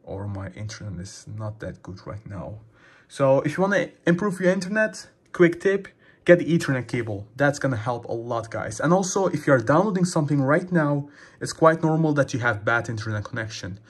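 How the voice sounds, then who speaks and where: A man's voice: mid-range voice, big pitch swings, a little fast, slightly rough. A young man hosting a casual gaming tip video, rambling and calling his viewers guys, a little out of breath. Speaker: gaming channel host.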